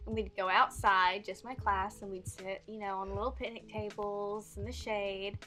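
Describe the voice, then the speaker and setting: A woman's voice: mid-range voice, fairly even intonation, moderate pace, bright, forceful tone, soft background music. A teenage girl guest on a podcast, chatting casually and joking with a giggle. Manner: giggly, jokey. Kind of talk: casual chat.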